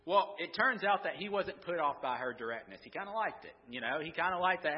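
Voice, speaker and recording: A man's voice: a little high, lively intonation, fairly quick, few pauses, muffled recording. A man preaching a conversational sermon, asking the congregation questions and often restarting his sentences. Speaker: pastor.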